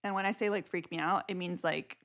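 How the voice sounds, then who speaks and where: A woman's voice: on the low side, fairly even intonation, a little fast, a bit bright. A young woman hosting a live stream, chatting casually and rambling with lots of filler words.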